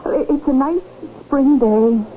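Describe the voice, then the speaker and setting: A worried, chatty wife stammers and restarts in a fairly high voice, in 1970s radio drama style. It comes through thin and tinny like an old broadcast, with a faint hiss. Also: female voice, takes it slowly. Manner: hesitant, stammering, nervous restarts. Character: anxious wife of a changed man, chatty.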